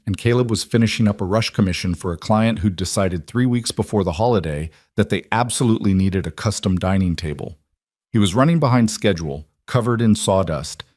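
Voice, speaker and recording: A man reading a scripted story in an even, measured narration. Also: fairly low pitch, dry recording, studio quality.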